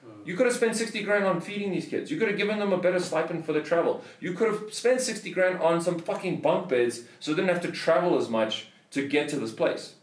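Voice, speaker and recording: A man's voice: high voice, expressive, fairly quick, hardly any pauses, roomy sound, far from the mic. A South African man on a podcast, telling a story in a heated, swearing rant. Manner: swears a lot, heated ranting. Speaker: podcast host. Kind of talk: casual storytelling.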